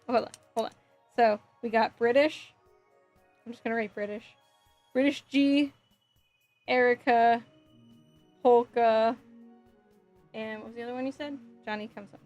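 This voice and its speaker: A woman with a slightly high voice chats casually on a live stream from home, giggling often and thinking out loud as she reads comments. Faint music plays quietly behind her. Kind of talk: casual live-stream chat, reading chat aloud.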